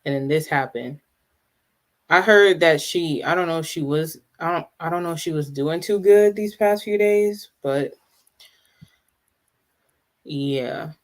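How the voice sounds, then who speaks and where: Brief: live-stream host, halting off-the-cuff chat, mid-pitched, talks straight to viewers in the chat. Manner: chatty, answers live viewers' comments; halting, many restarts and asides.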